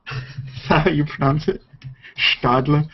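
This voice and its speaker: A man hosting a relaxed livestream with friends. His voice sits a little high and comes through dull, lo-fi stream audio with a faint hiss behind it. He talks in a chatty, joking, unhurried way. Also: vocal fry. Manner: laid-back, joking, chatty. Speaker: stream host. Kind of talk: casual livestream chat.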